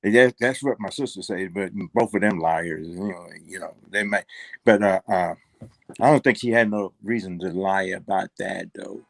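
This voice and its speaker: A man's voice: low voice, normal speed, vocal fry, no room sound. An older man, a guest in a casual interview, rambling and repeating words with plenty of fillers.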